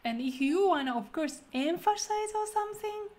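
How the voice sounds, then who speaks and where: A woman with a Japanese accent hosting a casual language lesson, talking quickly and laughing often. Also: extremely high pitch, animated, darkish tone. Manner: quick, laughing, switches between English and Japanese. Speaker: Japanese teacher host.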